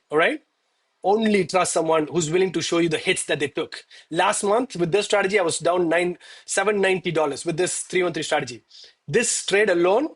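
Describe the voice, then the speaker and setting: A man with a fairly high, husky voice talks straight to his stream viewers. He is emphatic and preachy, repeating himself to drive the point home, and openly lets himself get emotional. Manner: emotional, admits getting worked up. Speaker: live-streaming gold trader. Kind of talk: live trading stream talk.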